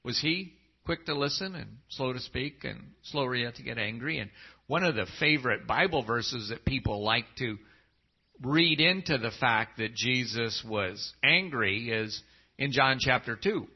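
Man, pastor, husky, lively pitch, conversational sermon. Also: a little slow, dull audio. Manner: conversational, asks the congregation questions.

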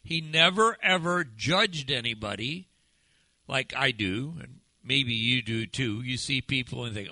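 A man's voice: mid-range voice, expressive, unhurried, pushed and bright, no room sound, low-quality recording. A male pastor giving a sermon in a conversational way, often asking the congregation questions.

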